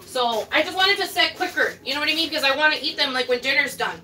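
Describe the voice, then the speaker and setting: A young woman chatting casually while she cooks for her vlog, loud, profane and dramatic, swinging between high outbursts and low mutters. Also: lively intonation, fast talker. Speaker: vlogger. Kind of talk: casual cooking vlog chat.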